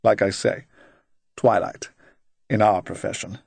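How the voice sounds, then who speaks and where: A man voicing a dry, probing retired agent of fifty, speaking slowly and quietly. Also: lowish voice, fairly even intonation, creaky, no room sound, full character voice. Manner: slow, quiet, deliberate.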